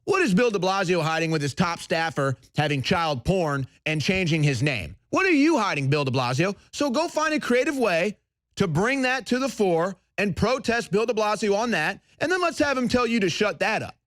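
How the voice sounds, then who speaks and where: A man hosting a talk show, ranting angrily, shouting at times and mocking his opponents. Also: sits high, big pitch swings, normal speed, no echo, studio quality. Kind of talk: heated political talk radio rant.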